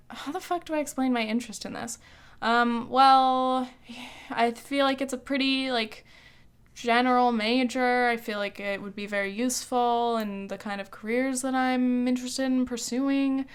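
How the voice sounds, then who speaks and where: A woman's voice: on the high side, smooth. A woman in her early twenties hosts a podcast in a casual, snarky monologue, swearing freely and saying "like" a lot. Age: early 20s. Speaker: podcast host.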